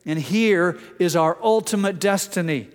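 An older man preaching a sermon, telling stories gently and dropping soft and low for quotes. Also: a little slow, in a large hall. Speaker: pastor.

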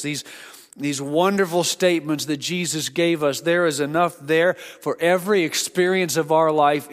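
A male pastor preaching a sermon and leading a closing prayer, earnest, often dropping to a hushed voice on key lines. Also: on the high side. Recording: long reverb of a church hall.

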